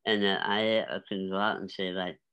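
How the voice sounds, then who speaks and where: A man in his seventies telling lively stories as an interview guest, often laughing and acting out voices. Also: sits low, normal speed, smooth, poor audio. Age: 70s. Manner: animated, laughing, acts out voices. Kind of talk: storytelling interview.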